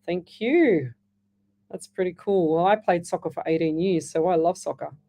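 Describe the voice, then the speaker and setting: A middle-aged Australian woman with a lowish, mellow voice hosts a live radio call-in show as a psychic medium. She talks in a loose, chatty way, reading listener messages aloud and doubling back on her own words. She calls her listeners "lovey.". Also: steady tone, fairly quick.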